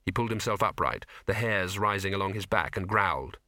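A man narrating a comic fantasy audiobook with dry, expressive storytelling. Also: sits low, a little fast, no room sound. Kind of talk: scripted narration.

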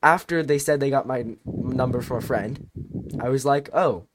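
A teenage man casually telling a long story on a podcast, rambling and animated, with many restarts. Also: medium pitch, moderate pace, background noise. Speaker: podcast co-host.

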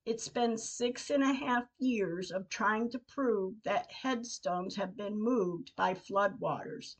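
Slow-spoken woman reading her diary. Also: medium pitch, poor audio. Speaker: podcast host. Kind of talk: reading personal diary entries aloud.

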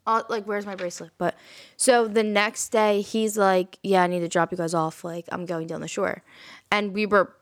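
A woman's voice: mid-range voice, fairly even intonation, moderate pace. Laughing young woman podcast host. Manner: laughs often, swears casually. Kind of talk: casual chat.

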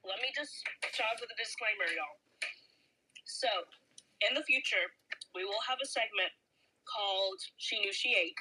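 A woman's voice: mid-range voice, moderate pace, pauses often, husky, low-quality recording. A young woman co-hosting a podcast in casual chat, rambling with many fillers while snacking. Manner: relaxed, rambling, lots of fillers. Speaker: podcast co-host.

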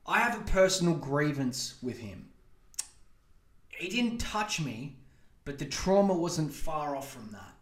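A man's voice: on the high side, measured pace, long pauses, roomy sound. Profane, rambling male podcast host. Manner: rambling, profane, animated storytelling. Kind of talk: casual storytelling monologue.

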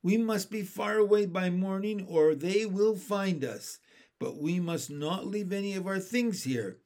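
A man's voice: high voice, measured pace, a little mellow, voice pushed up. A man reading an earnest, protective orphan boy. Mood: determined. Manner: polite, earnest.

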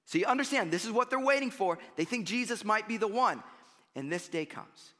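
Bright, high-voiced pastor, lively and chatty from the pulpit, long hall reverb. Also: male voice, brisk. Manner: animated, conversational preaching with frequent "right?" and "you know" asides. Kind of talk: sermon.

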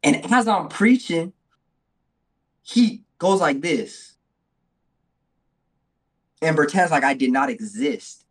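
A man's voice: a little high, sing-song, slow pace, long pauses, a bit bright, husky. A man from New Mexico, a guest evangelist, telling his story in a loose, casual way with fillers. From Albuquerque, New Mexico, US.

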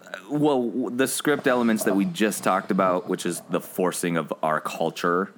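A man's voice: deep voice, moderate pace, a bit bright, slight background noise. A man co-hosting a casual film review podcast from the US, rambling with many fillers and laughing often. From United States. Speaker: podcast co-host.

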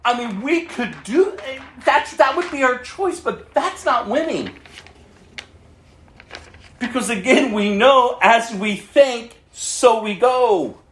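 A male pastor preaching with a fairly high voice, earnest and warm, often chuckling between points. He reads scripture aloud to his church. The sound rings in a reverberant room. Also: expressive, takes it slowly. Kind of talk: sermon.

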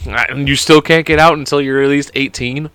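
A man's voice: medium pitch, fairly even intonation, normal speed, sharp tone, clear, resonant tone, no room sound. A young man hosting a casual solo podcast, joking around, rambling and swearing a lot. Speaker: podcast host.

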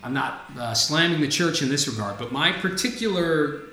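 A man co-hosting a casual faith talk, animated and candid, with casual swearing. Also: a little high, moderate pace, roomy sound, faint music behind. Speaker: podcast co-host.

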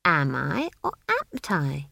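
A woman's voice: low-pitched, wildly swooping pitch, takes it slowly, vocal fry, bright, forceful tone, no echo, clean studio sound, full character voice. A woman voicing an earnest, curious young girl full of questions, in a storybook reading.

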